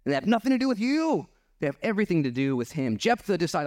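A man preaching a sermon at his church, animated and acting out bits of dialogue. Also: high voice, fast talker, no room sound, clean studio sound. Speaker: pastor.

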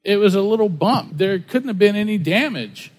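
A man's voice: sits high, lively intonation, normal speed. A man preaching a sermon, conversational and full of rhetorical questions and everyday stories. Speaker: pastor. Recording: long hall reverb.

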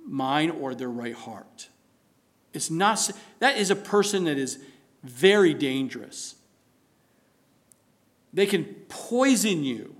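A man with a high-pitched voice delivers a sermon as a pastor. His preaching is earnest and emphatic, full of pointed rhetorical questions put to the congregation.

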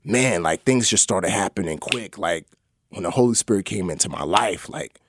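A man as a podcast guest, telling his personal faith story in earnest, often dropping to a soft low voice at the hard parts. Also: lively intonation, normal speed, no echo, studio quality. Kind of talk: personal testimony in a podcast interview.

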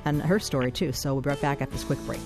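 A man's voice: mid-range voice, rapid-fire, music in the background. A man hosting an interview show, asking questions and giving brief affirmations. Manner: supportive, frequent brief affirmations. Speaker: podcast host.

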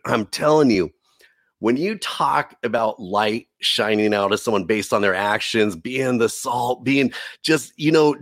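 A man's voice: medium pitch, a bit bright, dry recording, clean studio sound. A man giving an earnest, emotional faith testimony as a podcast guest, often saying "dude". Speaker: preacher.

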